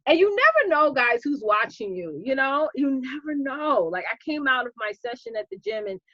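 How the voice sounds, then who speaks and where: A woman coach hosting a casual live stream, chatty and animated, greeting viewers by name. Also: sits high, normal speed, no room sound, muffled recording.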